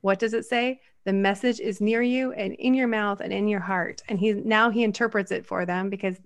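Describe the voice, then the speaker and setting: A woman co-hosting a relaxed conversation about scripture, her voice sitting at an ordinary middle pitch. She talks with eager momentum and reads long passages aloud. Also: moderate pace. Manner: animated, quotes scripture at length, runs on excitedly. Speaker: podcast co-host. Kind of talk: casual Bible discussion.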